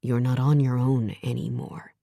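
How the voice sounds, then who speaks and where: A woman's voice: a bass voice, fairly even intonation, moderate pace, creaky, warm tone, no room sound, clean studio sound, pitched below the performer's own voice, exaggerated voice. A woman voicing a blunt, defensive man who is a father.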